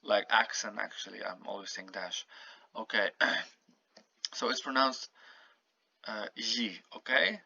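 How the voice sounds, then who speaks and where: A man teaching a casual language lesson, slowly and patiently modelling each word and repeating it for the learner. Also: fairly low pitch, gravelly, sharp tone, husky, no echo. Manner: slow, patient, repeats words to model pronunciation. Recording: dull lo-fi home recording.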